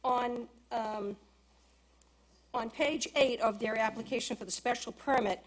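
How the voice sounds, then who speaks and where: A woman's voice: a little high, a little slow. A woman resident giving public comment at a city council hearing, reading from documents with frequent hesitations. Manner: hesitant, reads from application with many ums. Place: council chamber.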